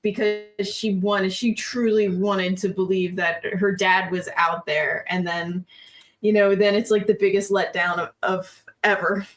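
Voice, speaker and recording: A woman's voice: mid-range voice, little pitch movement, measured pace. A woman co-host in a casual TV review chat, speaking emphatically with filler words.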